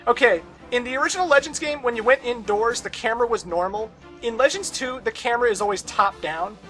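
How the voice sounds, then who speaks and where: A man's voice: very high-pitched, fast talker, pushed and bright, soft background music. A young man commenting on a video game as he plays, casual and sarcastic, with ranting asides and swearing. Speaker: let's play host.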